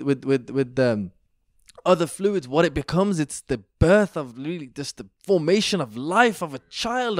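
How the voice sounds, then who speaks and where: A young man, a podcast guest, telling stories in a lively, chatty way, full of slang and fillers. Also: fairly high pitch, no room sound, studio quality. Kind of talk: animated storytelling in casual chat.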